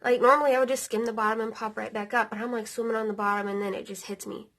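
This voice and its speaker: A woman's voice: a little high, little pitch movement, rapid-fire, a bit bright. A woman in her thirties telling a personal story in a casual, rambling way, full of fillers and the odd swear word, emotional at times. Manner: emotional, near tears. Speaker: vlogger.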